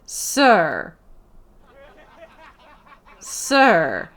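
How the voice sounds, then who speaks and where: Slow, playful woman playing a game. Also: mid-range voice, expressive. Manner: playful, theatrical, repeats her lines. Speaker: let's play host. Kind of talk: in-character game commentary.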